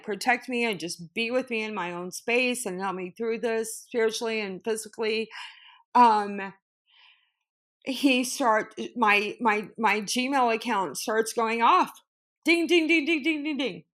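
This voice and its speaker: A woman's voice: medium pitch, a bit bright. A woman actress telling an upsetting personal story in an interview, agitated and swearing, with many fillers. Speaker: actress and guest.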